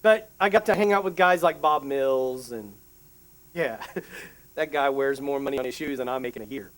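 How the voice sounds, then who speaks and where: A middle-aged man preaching a sermon, an emotional storyteller who restarts sentences and adds quick asides. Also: medium pitch. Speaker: pastor.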